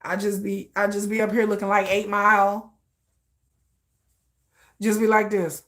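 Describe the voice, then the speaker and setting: A woman's voice: mid-range voice, flat delivery, measured pace, fairly bright tone. A woman telling candid personal stories in a blunt, profane way, with laughing asides. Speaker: vlogger.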